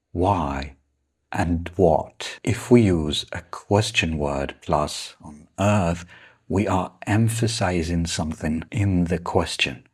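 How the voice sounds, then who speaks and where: A man teaching English idioms in a slow, deliberate lesson, explaining each one and repeating examples. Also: deep voice, slightly rough. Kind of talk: scripted lesson narration.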